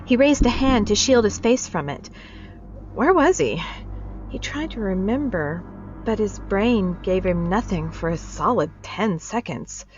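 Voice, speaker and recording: A woman reading short fiction aloud in steady, measured narration. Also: mid-range voice. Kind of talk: storybook reading. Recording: dull lo-fi with faint music.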